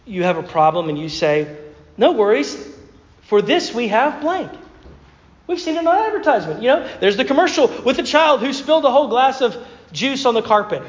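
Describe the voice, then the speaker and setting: A man's voice: very high-pitched, very animated, fast talker. A man preaching a sermon as a pastor, telling stories in a conversational way with repeated words. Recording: muffled sound with long hall reverb.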